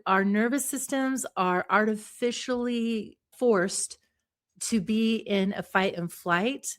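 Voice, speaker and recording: Middle-aged female psychologist guest, mid-range voice, animated explainer who acts out her examples. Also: medium pitch, takes it slowly. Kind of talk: explanatory interview talk.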